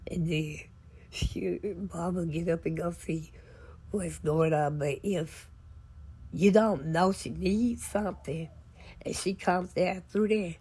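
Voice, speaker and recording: Lady vlogging family stories, kinda husky voice, folksy and heartfelt. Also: lowish voice, fairly even intonation, dark tone. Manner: heartfelt, folksy, unhurried storytelling. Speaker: vlogger and author. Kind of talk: casual storytelling to camera.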